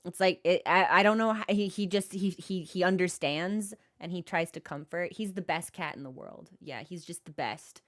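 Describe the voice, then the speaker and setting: A woman's voice: lowish voice, normal speed, hardly any pauses. A young woman streaming a video game, chatting in a playful, giggly, rambling way. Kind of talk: casual gaming stream chat.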